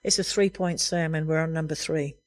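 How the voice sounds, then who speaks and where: A woman's voice: low-pitched, fairly even intonation, a little fast. A middle-aged woman preaching a sermon in an earnest, conversational way, laughing lightly now and then.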